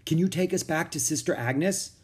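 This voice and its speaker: A man's voice: a little high, moderate pace, slightly rough, voice pushed up. A man reading a storybook aloud and voicing an eager young boy who speaks urgently. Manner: urgent, excited.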